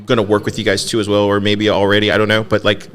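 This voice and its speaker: A man hosting casual interviews at a live event, excited and saying dude often. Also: fairly low pitch, quick pace. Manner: excited, says dude a lot. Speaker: host.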